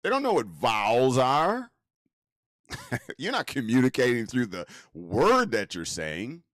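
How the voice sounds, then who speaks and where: A man teaches in a relaxed, conversational way and keeps checking in with the listener through rhetorical questions. His delivery is slow and drawn out, and his voice rises and falls widely across a slightly higher register. The recording is dry and close. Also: dry recording. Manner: slow, drawn-out delivery with wide pitch swings. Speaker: lecturer. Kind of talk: casual teaching talk.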